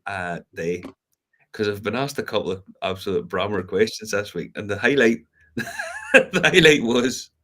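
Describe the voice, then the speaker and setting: Laughing man with a low voice. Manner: laughing storyteller, swears freely. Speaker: podcast co-host. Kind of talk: casual chat.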